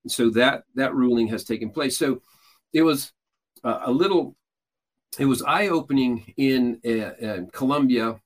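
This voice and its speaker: Male host, mid-pitched, rambling explainer with many restarts. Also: a little slow. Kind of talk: casual teaching talk.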